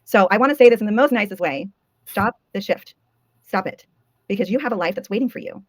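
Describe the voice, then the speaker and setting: A woman's voice: mid-range voice, animated, a little fast, no echo. A woman co-hosting a fitness summit, giving emphatic, emotional encouragement to viewers. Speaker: co-host and summit organizer. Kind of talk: motivational talk.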